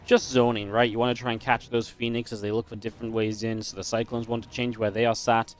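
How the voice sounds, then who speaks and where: A man's voice: mid-range voice, flat delivery, fast talker, slight background noise. A man casting a strategy game match, chatty and analytical, breaking into easy laughs. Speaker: esports caster. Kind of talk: play-by-play game commentary.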